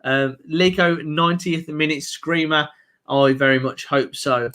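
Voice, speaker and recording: A man's voice: fairly high pitch, measured pace. A man with a Birmingham accent hosting a live football reaction stream, chatting casually and cheering his team on. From Birmingham, England. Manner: excitable, cheers the team on and laughs often. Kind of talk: casual live match commentary and chat.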